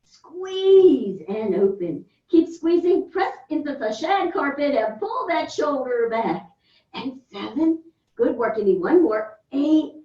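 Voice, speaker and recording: Slow-cueing woman workout instructor. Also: high voice, sing-song. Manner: upbeat counting cues and encouragement. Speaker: fitness instructor. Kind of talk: leading a floor workout. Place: carpeted room indoors. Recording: echoey room, distant dull mic.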